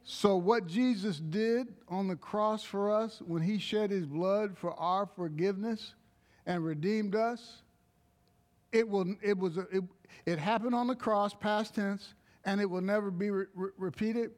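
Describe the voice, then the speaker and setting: Slow, emphatic male preacher. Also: sits high. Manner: slow, emphatic, with interjections of praise. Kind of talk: sermon.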